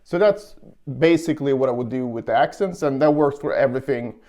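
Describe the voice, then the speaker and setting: A man giving a casual guitar lesson, explaining technique calmly and counting beats aloud, with guitar playing behind him. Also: mid-range voice, fairly quick. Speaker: guitar teacher.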